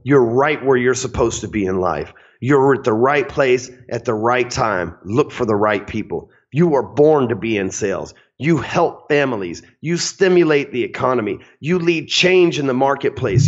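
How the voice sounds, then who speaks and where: A man putting on a deep, slow, smooth soul-crooner voice to read affirmations in a hypnotic way. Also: highs cut off.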